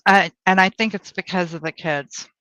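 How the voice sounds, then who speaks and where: A woman co-hosting a casual chat, unhurried, mostly giving short agreeing replies. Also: lowish voice, fairly even intonation, pushed and bright, no room sound, lo-fi sound. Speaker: podcast co-host.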